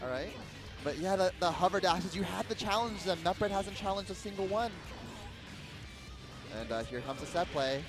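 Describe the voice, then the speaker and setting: A man with a notably high voice calls a fighting game match, jumping between quick play-by-play and playful teasing of his co-commentator. Music plays prominently behind him throughout. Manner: excitable, teasing, quick reactions. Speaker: esports commentator.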